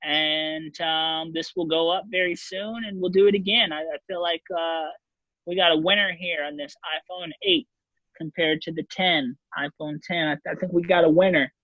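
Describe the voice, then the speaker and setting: High-voiced joking male podcast host. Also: normal speed, no echo, highs cut off. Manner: loose, joking, rambling with fillers. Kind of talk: casual chat.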